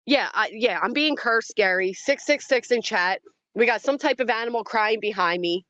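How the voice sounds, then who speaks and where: A woman's voice: on the high side, normal speed, fairly bright tone, no room sound. A woman hosts a casual livestream from outside, talking straight to her chat. Her reactions are dramatic and easily startled. The sound is dry and a little muffled. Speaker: livestream host. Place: outdoors in a yard by trees.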